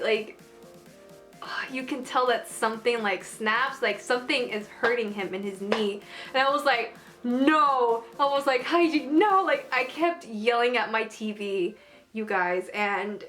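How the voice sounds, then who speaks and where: A woman's voice: a little high, fairly bright tone. Gushing young-sounding woman reviewer. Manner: gushing and emotional, lots of "like" and "oh my goodness". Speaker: anime reviewer. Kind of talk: casual vlog review.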